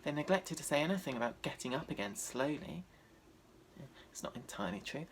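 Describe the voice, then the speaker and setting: A man, doing a deadpan, self-deprecating stand-up set. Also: fairly high pitch, a little fast, a little hiss or hum. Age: 20s. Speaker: stand-up comedian.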